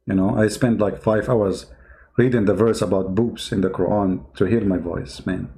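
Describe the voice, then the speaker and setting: A man's voice: fairly low pitch, fairly even intonation, moderate pace, dark tone. A man with a strained voice, not a native English speaker, hosting a combative call-in debate and mocking his callers. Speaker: host of a call-in debate stream.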